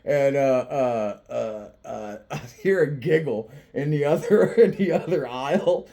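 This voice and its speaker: Man, mellow mid-pitched voice, profane joker rambling casually with lots of laughter. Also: a little slow, gravelly. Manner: profane, joking, often laughing while talking; rambling with frequent restarts and fillers. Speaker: vlogger.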